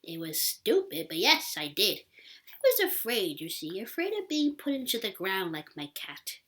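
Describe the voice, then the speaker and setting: Woman doing a hoarse, tearful old woman. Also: medium pitch, wildly swooping pitch, normal speed, a bit bright. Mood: sorrowful whisper. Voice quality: hoarse whisper. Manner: breathy whispering, tearful pleading. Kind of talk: storybook audiobook reading.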